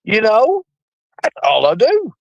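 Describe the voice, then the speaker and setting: A man hosting a livestream, rambling in crude casual chat with sudden jumps in pitch. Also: huge pitch swings, slow, creaky, no room sound, muffled recording. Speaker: livestream host.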